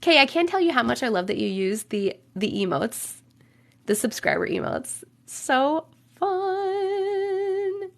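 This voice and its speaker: A woman's voice: medium pitch, big pitch swings, moderate pace, creaky, a bit bright. A woman live-streaming from home, chatting with viewers and reading their stories aloud, swearing casually and laughing as she reacts. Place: home room, alone.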